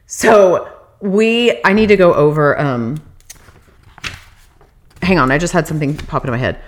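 A young woman telling a long casual story, chatty and animated, full of "like" fillers and casual swearing, climbing high and loud when she rants. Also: unhurried.

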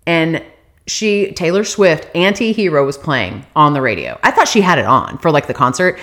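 Chatty young woman with a lively voice. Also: normal speed. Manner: chatty, animated, heavy filler "like", swears casually; rises high and loud when ranting. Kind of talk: casual storytime.

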